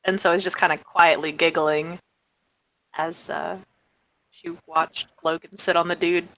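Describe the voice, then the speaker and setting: A woman's voice: lowish voice, fairly even intonation, measured pace, fairly bright tone, poor audio. A woman playing a tabletop game, speaking hesitantly with fillers. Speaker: player. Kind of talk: casual tabletop chat.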